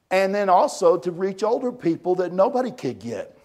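A man preaching a sermon and telling a story in an animated way, swinging from loud bursts down to hushed tones. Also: high voice, moderate pace.

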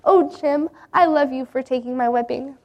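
A woman's voice: high voice, moderate pace, highs cut off, close to an everyday voice. A woman voicing a frightened, poor little schoolboy who stammers and trembles. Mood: timid.

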